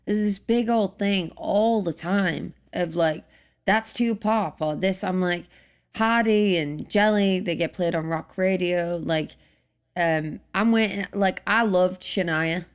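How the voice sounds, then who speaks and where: A woman's voice: fairly low pitch, takes it slowly. A woman from England with an English accent, chatting casually as an interview guest and filling her talk with "like". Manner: chatty, many filler "like"s. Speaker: guest musician.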